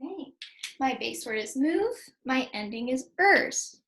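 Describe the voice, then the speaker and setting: A woman's voice: sits high, sing-song, a little slow, fairly bright tone, low-quality recording. A woman teaching a spelling lesson to second graders, patiently sounding out letters and syllables one at a time. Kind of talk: spelling lesson for young children.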